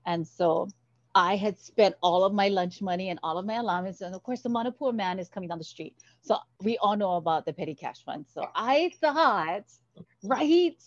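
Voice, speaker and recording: A woman's voice: lowish voice, fairly quick, no room sound, muffled recording. A woman from Hawaii, a guest telling stories in an interview and acting out the voices in them. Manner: animated, acts out the voices in her stories. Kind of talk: storytelling interview.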